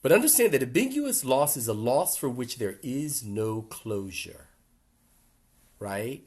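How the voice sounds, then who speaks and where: A husky older man guides a support group through a reflective workshop at a steady pace. His voice sits in an ordinary middle register. He talks earnestly and gently, with pauses and touches of emotion. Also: medium pitch. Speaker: speaker leading a support group talk.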